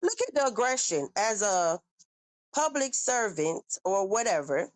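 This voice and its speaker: A woman hosting a casual live reaction video, animated and talking straight to her viewers with frequent questions. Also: mid-range voice, measured pace, no echo. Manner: animated, asks viewers questions and reads chat aloud.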